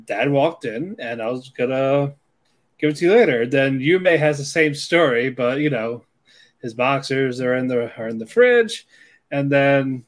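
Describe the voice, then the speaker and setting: A man's voice: medium pitch, expressive, measured pace. A man co-hosting a podcast, casually rambling through an anime plot recap and quoting the characters. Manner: rambling retelling with fillers and quoted lines. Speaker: podcast co-host.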